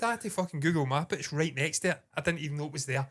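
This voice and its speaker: A man's voice: fairly high pitch, very fast, hardly any pauses. Sweary scottish man ranting. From Scotland. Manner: sweary, animated storytelling with mocking impressions. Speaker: podcast co-host. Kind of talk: casual chat.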